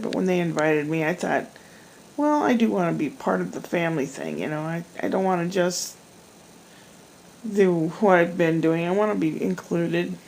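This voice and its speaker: Gravelly-voiced middle-aged woman rambling. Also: on the low side, darkish tone, slight background noise, rough recording. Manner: rambling, chatty, self-deprecating. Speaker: vlogger. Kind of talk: casual chat. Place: home at night.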